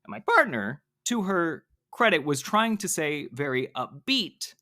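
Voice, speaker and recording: A man spinning a casual anecdote on a podcast, his slightly high voice bright and forceful. He swings his pitch all over the place, talking with lots of "like" and acting out the people he quotes. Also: measured pace. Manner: animated storyteller, lots of "like", acts out quoted people. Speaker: podcast co-host.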